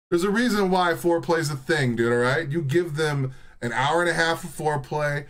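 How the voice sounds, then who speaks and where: A man's voice: fairly high pitch, normal speed, fairly bright tone. Profane laughing young guy. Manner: profane, joking, laughs often, lots of "bro" and "like". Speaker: reaction streamer. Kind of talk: casual rambling reaction commentary.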